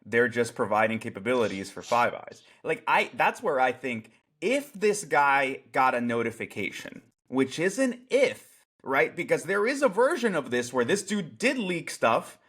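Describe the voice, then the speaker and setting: A man co-hosting a security podcast in casual chat, animated and profane, often restarting his sentences. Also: mid-range voice, moderate pace, hardly any pauses, breathy edge. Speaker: podcast co-host.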